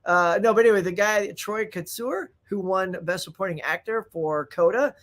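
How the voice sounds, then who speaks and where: A fairly high-voiced man hosting a relaxed stream about films and shows. He rambles from one topic to the next with plenty of laughs and sudden bursts of excitement. He reads viewer comments aloud and answers them as he goes. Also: moderate pace. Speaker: host. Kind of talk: casual live-stream chat.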